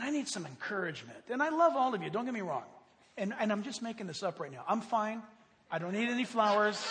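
High-voiced preacher in a reverberant hall. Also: male voice. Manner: animated, rising to near shouts, with laughs. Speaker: pastor. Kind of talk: sermon.

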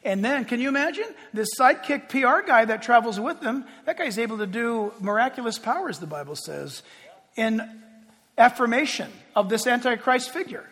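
A man preaching a sermon, emphatic, swinging from loud declarations to hushed, quiet passages. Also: very high voice, animated, moderate pace. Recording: long hall reverb.

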